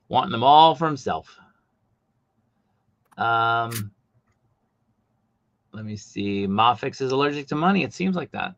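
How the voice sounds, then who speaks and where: A man of middle pitch with a bright, forward voice hosts a relaxed live stream, talking loosely and answering viewer comments as they come in. His pitch jumps up when something gets him going. The audio is a little dull and lo-fi, with keyboard clicks behind him. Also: takes it slowly, vocal fry, pauses often. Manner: chatty, reads viewer comments aloud. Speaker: host. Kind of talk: casual live-stream chat.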